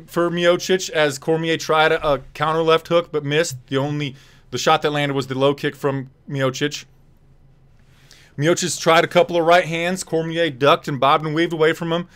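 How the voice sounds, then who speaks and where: A man giving casual play-by-play fight commentary on a live stream, quick and loose with fillers and restarts. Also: a little high, fairly bright tone, clean tone.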